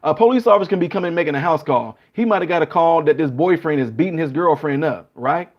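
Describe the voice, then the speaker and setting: A man talking casually as a host, animated and telling stories, acting out the people he quotes. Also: on the high side, fast talker, dull audio. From Chicago. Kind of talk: casual monologue.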